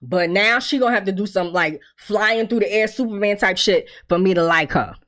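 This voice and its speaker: A woman's voice: mid-range voice, normal speed, fairly bright tone. A woman giving a casual, blunt, profane recap of a TV episode, acting out the characters' lines as she goes.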